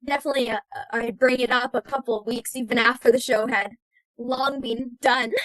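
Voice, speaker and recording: A woman's voice: fairly high pitch, steady tone, a little fast, a bit bright, no echo, poor audio. A young American woman, an actress, talking thoughtfully as a podcast guest. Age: young adult. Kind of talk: casual interview.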